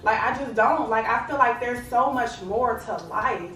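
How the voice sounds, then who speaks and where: A woman's voice: on the high side, a little slow, a bit bright. Chatty woman in an echoey room. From Lubbock, Texas. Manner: chatty, fills with "like" and "you know what I'm saying". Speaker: vlogger. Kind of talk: casual talk to camera. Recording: echoey room, distant mic, faint ambience.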